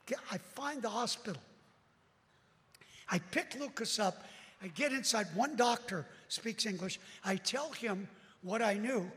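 A man preaching a storytelling sermon to a hall with a balcony, animated, speaking straight to the crowd and breaking into shouts. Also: sits high, unhurried. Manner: animated, bursts into shouts, addresses folks directly. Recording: long hall reverb.

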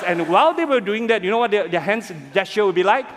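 A man preaching a sermon as pastor, animated and calling on the congregation to respond. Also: sits high, quick pace, hardly any pauses. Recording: reverberant hall.

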